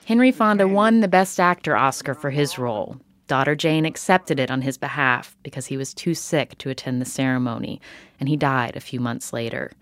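A woman hosting a podcast, who asks questions and reads measured narration. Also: rumbling low, no room sound. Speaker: podcast host. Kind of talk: interviewing and scripted narration.

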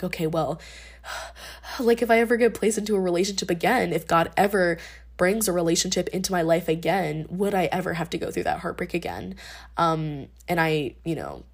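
A young woman hosting a podcast, talking through her thoughts in a casual, rambling monologue with lots of fillers and restarts. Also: lowish voice. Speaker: podcast host.

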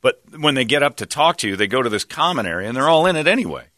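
Bright-voiced man telling a story. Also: mid-range voice, very fast, no room sound, clean studio sound. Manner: animated, acts out quotes of others. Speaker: talk show host. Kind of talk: casual storytelling chat.

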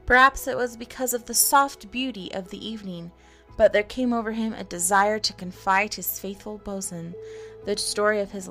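A woman narrating a storybook in an expressive, measured reading. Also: medium pitch.

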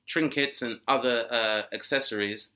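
A man's voice: mid-range voice, normal speed. A man co-hosting a casual comedy chat, riffing and acting out voices in his stories. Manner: animated, acts out voices in quoted exchanges. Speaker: podcast co-host.

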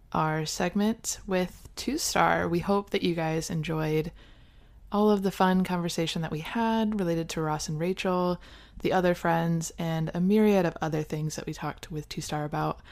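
A woman host delivers a cheerful, measured podcast sign-off. Her voice sits low. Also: steady tone. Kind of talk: podcast outro.

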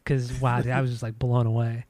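A man's voice: mid-range voice, little pitch movement, fairly quick, darkish tone, dry recording. A man hosting a podcast, chatting in a laid-back, enthusiastic way and swearing casually. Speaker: podcast host. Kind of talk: casual chat.

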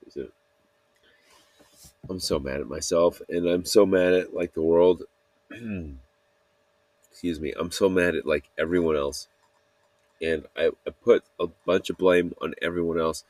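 A man hosting a solo podcast, talking in a halting, self-critical ramble full of fillers and restarts. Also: deep voice, a little mellow, dry recording. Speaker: podcast host.

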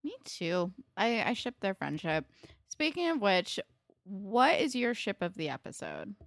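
A young woman co-hosting a casual chat, giving relaxed, opinionated takes with frequent "um" and "you know". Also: medium pitch, a little slow, dry recording, clean studio sound. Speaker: podcast co-host. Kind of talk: casual chat recapping a TV episode.

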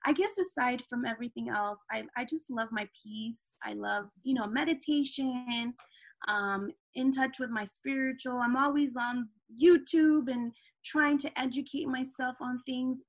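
A middle-aged woman chats openly as a guest on an interview show. Her voice sits a little high, and she keeps dropping "you know" between thoughts. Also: a little slow. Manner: chatty, frequent "you know" asides. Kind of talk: casual interview chat.

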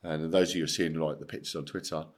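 A middle-aged man with an English accent and a very low, deep voice. He speaks bluntly and emphatically, swears freely, and acts out the voices of the people in his story. The tone is casual, like a guest talking on a chat show. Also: level tone, racing. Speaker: podcast guest, former footballer.

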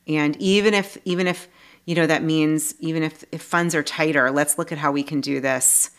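A woman's voice: low voice, normal speed. A woman life coach talking casually as a podcast guest, earnest and heartfelt, with lots of restarts and asides. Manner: animated, with many restarts and asides.

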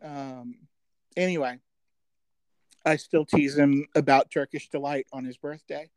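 Rough recording, no echo: a middle-aged podcast guest with a high-leaning, steady voice chats casually about the past. He rambles, fills pauses with "um," and is quick to joke at his own expense.

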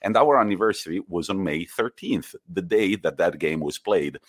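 A man's voice: low voice, lively intonation, normal speed. A man co-hosting a football podcast, telling stories in a casual, rambling way. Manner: storytelling, rambling with fillers. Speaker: podcast co-host. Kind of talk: casual chat.

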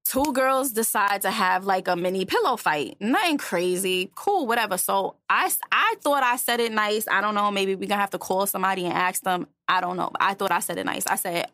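A young woman co-hosting a podcast, telling a story in animated, swearing casual chat. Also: medium pitch, fairly quick, few pauses. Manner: animated, swearing, frequent restarts. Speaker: podcast co-host.

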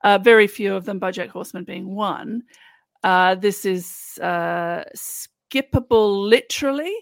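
Australian woman, gravelly podcast chatter. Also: mid-range voice, a little slow, no echo. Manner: animated, quoting lines in scenes. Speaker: podcast co-host. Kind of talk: casual chat.

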